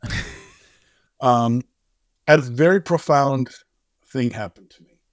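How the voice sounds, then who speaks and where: Brief: middle-aged male guest, mid-pitched, vivid storyteller voicing the people in his story, dry close sound. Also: slow pace, no echo. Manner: animated storyteller who acts out dialogue. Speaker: charity co-founder and guest; singer-songwriter. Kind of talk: storytelling in a podcast interview.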